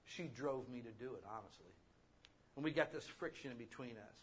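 With a mid-range voice and a fairly quick pace, a male pastor gives an animated, conversational sermon, asking his congregation rhetorical questions. There's a little background noise.

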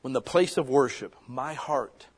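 Husky-voiced man preaching with fervor. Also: medium pitch, measured pace. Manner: impassioned, conversational preaching with rhetorical questions. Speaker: pastor. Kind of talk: sermon.

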